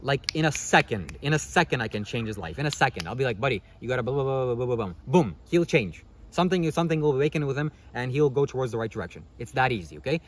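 A man rattles through a rambling motivational monologue at high speed. He keeps asking himself questions and answering them, and tags most points with "okay?". His pitch sits in the middle range. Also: lively intonation, a little hiss or hum. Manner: fast-talking, rhetorical questions, frequent "okay?". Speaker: spiritual vlogger.

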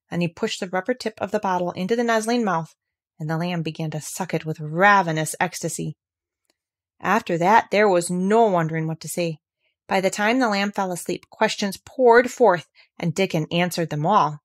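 A woman reading a classic children's novel aloud in a calm, measured voice. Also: lowish voice. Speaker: audiobook reader. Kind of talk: storybook narration.

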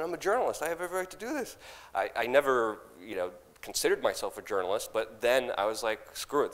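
A young man on stage, animatedly telling a story and loudly acting out his own past lines, with laughs in between. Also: on the low side. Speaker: speaker at a conference. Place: large conference hall. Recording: long hall reverb.

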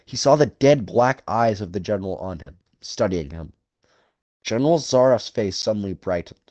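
A man reading a story as narrator, in a measured, dramatic way. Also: lowish voice, animated, a little mellow, dry recording, highs cut off. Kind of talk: scripted audiobook narration.

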